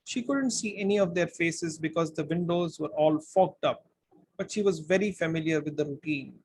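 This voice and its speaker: A man reading a storybook aloud in an expressive way, now and then speaking to his listeners. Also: fairly high pitch, moderate pace, husky. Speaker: book reader. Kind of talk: audiobook-style story reading.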